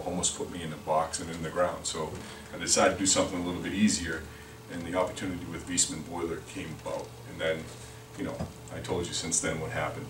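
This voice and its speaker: A man with a low, fairly bright voice, a sales representative, presents a product training talk during a lunch meeting in a meeting room. His speech meanders with many repetitions and restarts. Heard from a distance, the room echoes and faint noise lingers.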